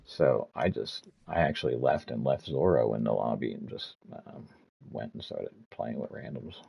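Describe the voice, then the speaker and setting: A man's voice: rumbling low, moderate pace, creaky, mellow, husky. A man in his fifties streaming a game, ranting and swearing as he tells stories in casual chat. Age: 50s. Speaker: gaming streamer.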